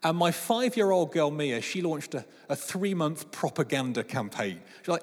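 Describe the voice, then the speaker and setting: A man, preaching a sermon with lively storytelling and playful voices. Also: fairly high pitch, moderate pace, few pauses. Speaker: pastor. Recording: long reverb of a large hall.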